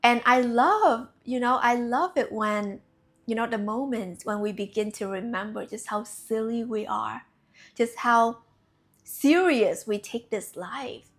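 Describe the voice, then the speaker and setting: This young woman, a spiritual coach, talks to her audience in a relaxed, lively way, playful and quick to laugh, with casual cursing. Her pitch is fairly high.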